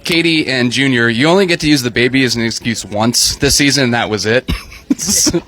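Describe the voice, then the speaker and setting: A man's voice: mid-range voice, a little fast, fairly bright tone. A man hosting a casual recap podcast, joking and teasing the others as he runs through results. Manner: joking, teasing, laughs often. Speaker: podcast host.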